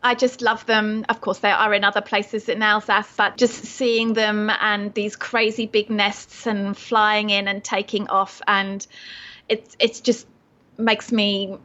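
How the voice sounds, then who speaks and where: A woman's voice: medium pitch, little pitch movement, unhurried, pushed and bright, muffled recording. A middle-aged woman with an English accent and some Australian touches, chatting enthusiastically as an interview guest and laughing often. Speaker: guest, vegan tour operator. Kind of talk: casual interview chat.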